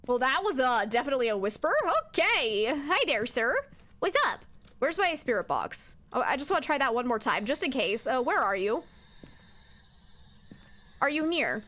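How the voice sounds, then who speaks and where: A woman's voice: high-pitched, very animated, normal speed, bright, forceful tone. A young woman streaming a horror game, chatting to her viewers and talking back to the ghost with jumpy outbursts. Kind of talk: live game commentary.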